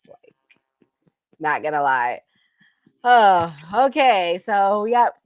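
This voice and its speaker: A woman's voice: mid-range voice, very animated, very slow, no echo, dull audio. A woman co-host chatting casually with agreeable asides. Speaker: podcast co-host. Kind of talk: casual chat.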